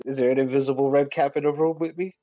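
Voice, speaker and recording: A man's voice: medium pitch, fairly even intonation, fast, no echo, lo-fi sound. A man playing a tabletop game, casual and profane, laughing often. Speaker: player. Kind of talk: tabletop game banter and in-character narration.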